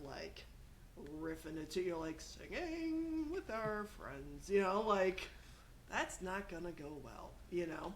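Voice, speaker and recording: A woman hosts a coaching podcast in a casual, chatty way, her pitch swinging widely as she acts out inner voices and quoted lines. A faint hiss sits under the recording. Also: expressive, takes it slowly. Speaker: podcast host, leadership coach.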